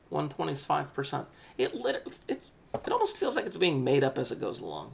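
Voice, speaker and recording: A male statistics teacher lecturing his class with plenty of jokes and emphasis. His pitch swoops up and down lively, and a gravelly edge runs through his voice. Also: normal speed. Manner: jokey, animated, emphatic.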